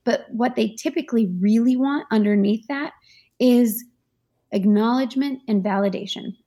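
Gravelly-voiced woman explaining practical advice. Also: a little high, normal speed, warm tone. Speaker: author and life coach, guest. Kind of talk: conversational interview.

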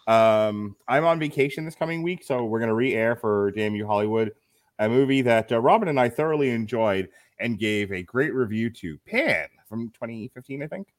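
A man with a lowish voice hosts a casual film review podcast, wry and quick to laugh as he reads out critics' lines. His voice is close and dry, with no room sound. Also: no room sound. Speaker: podcast host. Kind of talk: casual movie review chat.

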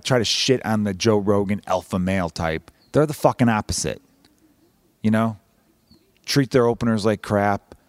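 Profane, rambling man with a low voice. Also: darkish tone, no room sound. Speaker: podcast host. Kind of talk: casual comedic monologue.

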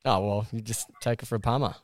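A man's voice: lowish voice, fairly even intonation, fast, no room sound, studio quality. A young Australian man hosting a casual podcast, chatty and upbeat, laughing often. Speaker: podcast host. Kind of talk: casual chat.

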